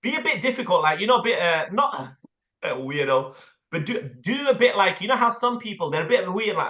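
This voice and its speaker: A man with an English accent coaching a sales team, blunt and animated, with casual slang and the odd swear word. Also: high voice, brisk, roomy sound. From England. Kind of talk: sales training talk with role-play.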